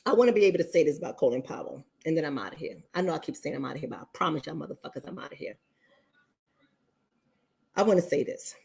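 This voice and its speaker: A woman's voice: low-pitched, animated, fast talker, creaky, a little mellow. Blunt, profane woman host. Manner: blunt, profane, addresses viewers directly; repeats points for emphasis. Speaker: online talk show host. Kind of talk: casual livestream chat.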